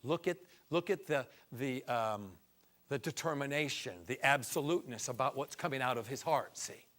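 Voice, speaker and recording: A man's voice: mid-range voice, normal speed, a bit bright. A man preaching a testimony, telling a story in a folksy way that builds to fervent emphasis.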